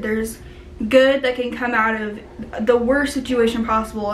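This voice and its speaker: A young woman, a mother, speaking earnestly in a personal vlog, with many pauses and fillers. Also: a little high, a little hiss or hum. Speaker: mother sharing her baby's story. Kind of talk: personal vlog talking to camera. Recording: echoey room.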